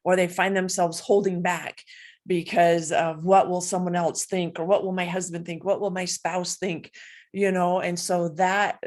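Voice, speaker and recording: A middle-aged woman coach answering interview questions, earnest and animated, telling personal stories with light laughs. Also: lowish voice. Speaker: guest, coach and speaker.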